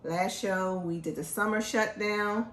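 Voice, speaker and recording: A woman's voice: medium pitch, measured pace, slight background noise. Chatty woman hosting from an echoey room. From Philadelphia. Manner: animated, joking, chatty. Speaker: host. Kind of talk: casual chat.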